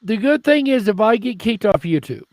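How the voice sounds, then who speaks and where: A man's voice: sits high, lively intonation, normal speed, a little mellow, dry recording. A man who hosts a radio show, guesting on a casual live-stream chat, blunt and profane as he rants.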